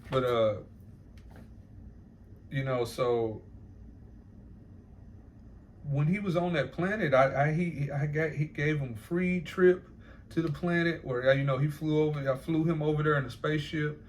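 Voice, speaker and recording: A man's voice: on the high side, a little slow, pauses often. Rambling profane man, faint background hiss. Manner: profane, repetitive, laughing asides. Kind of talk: casual rambling monologue.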